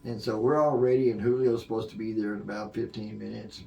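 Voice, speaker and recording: A man's voice: lowish voice, steady tone, fast talker, vocal fry, darkish tone, distant mic, lo-fi sound. An older man, a veteran sound engineer, telling long anecdotes in a podcast interview, rambling with fillers and restarts. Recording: echoey room.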